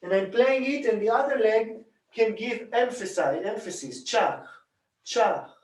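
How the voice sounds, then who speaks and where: A man calmly teaching a hands-on bodywork technique, demonstrating as he talks and repeating rhythmic sounds while he works. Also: sits high, moderate pace. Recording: roomy echo, distant from mic.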